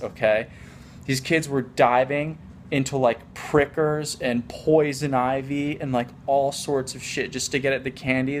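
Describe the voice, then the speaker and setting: A man's voice: mid-range voice, a little hiss or hum. A young adult man telling a casual story in a rambling, mock-boastful way, full of filler words. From United States.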